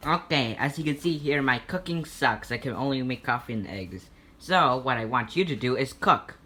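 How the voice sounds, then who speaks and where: A woman's voice: extremely low pitch, lively intonation, pushed and bright, full character voice. A woman voicing a bossy, hot-tempered customer who hires a chef, in a put-on Italian accent, for a homemade comedy skit. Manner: blustering, quick to rant and threaten.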